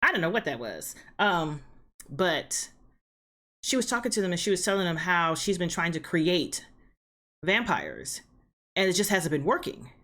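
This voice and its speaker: A woman with a low-pitched voice talks through a TV episode recap in a casual, chatty way. She tells the story with animated energy, repeating phrases and filling pauses with "um". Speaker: reaction channel host.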